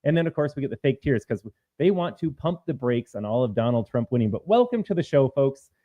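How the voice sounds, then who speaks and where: A man's voice: mid-range voice, sing-song, brisk, warm tone, no room sound, lo-fi sound. Combative male political show host. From Minnesota. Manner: combative, reads out viewer comments. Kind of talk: live-streamed political commentary.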